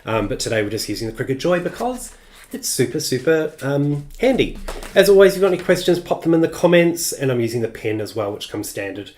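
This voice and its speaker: A man of middle age hosts a live-streamed crafting tutorial. His mid-pitched voice wanders easily between demonstration and replies to viewers, full of ums and uhs in a loose, friendly chat. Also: very animated, a little fast, darkish tone. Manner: chatty, loose, many ums and uhs, answers viewer comments.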